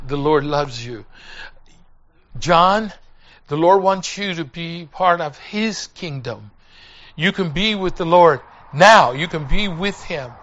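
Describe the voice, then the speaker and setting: A man's voice: on the high side, fairly bright tone. A man preaching a sermon, telling a story with emotion and hammering points home through repetition.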